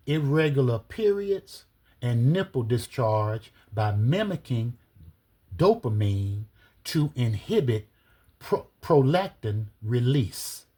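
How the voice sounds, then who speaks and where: A man giving a slow, deliberate scripture-based teaching, reading verses aloud and spelling out words letter by letter. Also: medium pitch, warm tone, breathy edge. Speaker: religious teacher.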